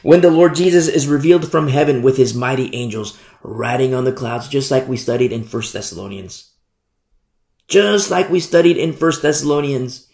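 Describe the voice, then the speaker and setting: A man's voice: mid-range voice, expressive, normal speed, gravelly, darkish tone, reverberant. A male pastor preaching a fiery sermon and acting out scenes from scripture.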